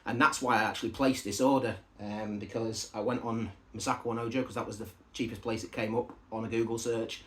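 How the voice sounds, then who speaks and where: Chatty man rambling casually. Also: medium pitch. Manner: rambling and chatty, with asides and side stories. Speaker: record collector showing a parcel of vinyl albums. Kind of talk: casual unboxing chat to camera.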